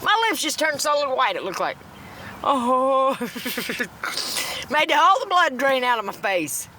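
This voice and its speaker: Middle-aged woman, high voice, blunt swearing rant, rambling talk, phone mic, faint noise behind. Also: very animated, takes it slowly. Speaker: TikTok livestreamer. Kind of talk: ranting casual monologue.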